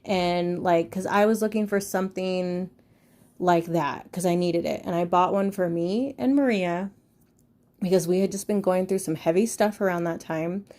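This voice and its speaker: A woman in her thirties hosts a podcast in a lowish, darkish voice at a moderate pace. She chats casually and frankly, rambling and swearing often.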